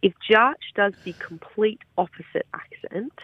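A man's voice: high voice, measured pace, breathy edge, dry recording, lo-fi sound. A man calling into a podcast, leaving a chatty message that lays out a theory. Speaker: caller. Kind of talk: voicemail message.

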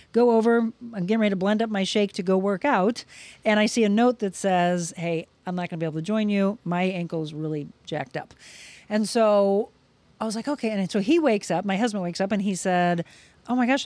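A woman's voice: mid-range voice, fairly quick, no room sound. A middle-aged woman, a podcast guest, telling a personal story in casual chat and acting out the quoted dialogue. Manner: lively, acts out quoted dialogue.

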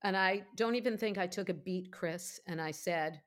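A woman in her fifties, a podcast host, telling her own story in a candid, emphatic, animated way. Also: fairly low pitch, normal speed, few pauses. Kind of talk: candid conversational interview.

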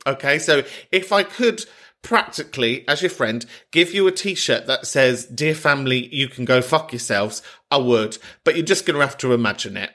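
A man's voice: mid-range voice, expressive, moderate pace, pushed and bright. A man hosting a podcast, answering listener voice notes with mock-grumpy sarcasm and lots of swearing. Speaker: podcast host. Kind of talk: comic reply to voice notes.

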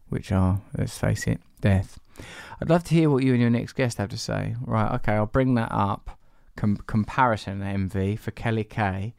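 A man hosts a podcast, rambling playfully while reading out and answering listener emails. His voice is low with a gravelly fry. It sounds close and dry. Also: darkish tone, no room sound. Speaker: podcast host.

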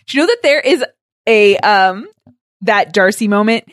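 A young woman co-hosting a podcast in casual chat, enthusiastic and quick with asides, laughing often. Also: medium pitch, animated, no room sound, studio quality. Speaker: podcast co-host.

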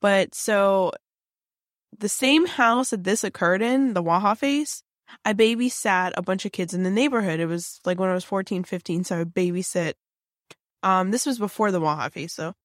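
A woman's voice: medium pitch, normal speed, no room sound, studio quality. A woman casually telling a creepy personal story, chatty and full of fillers and restarts.

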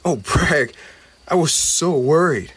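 A man voicing a small, timid young male goblin in a storybook, high and emotional, with a husky edge. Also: animated, measured pace, exaggerated voice. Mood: overjoyed.

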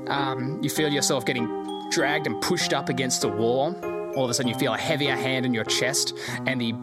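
A man narrating as game master of a tabletop game, loose and casual with plenty of fillers. Music runs clearly underneath his voice. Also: medium pitch, fairly even intonation, brisk.

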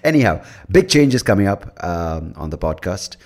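Deep-voiced male podcast host; loose, meandering solo talk full of fillers and casual swearing, recorded close to the mic. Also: very animated, normal speed. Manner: rambling, with many fillers and restarts; swears freely. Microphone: leaning in close to the mic.

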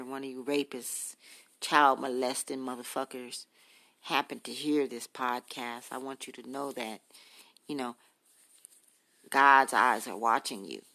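A man talks straight into his podcast, slow and unhurried, tripping over fillers and repeated words. His tone is blunt and heated, like an unscripted rant. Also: mid-range voice, pushed and bright. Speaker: podcast host. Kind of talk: casual rambling monologue.

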